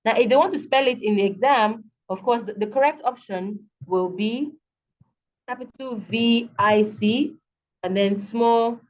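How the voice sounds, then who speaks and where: Nigerian lady teaching a class on a call, slow and patient, kinda dull lo-fi sound. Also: on the high side, a little mellow. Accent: Nigerian English. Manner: patient, repeats words slowly. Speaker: online tutor. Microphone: video call. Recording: dull lo-fi video call audio.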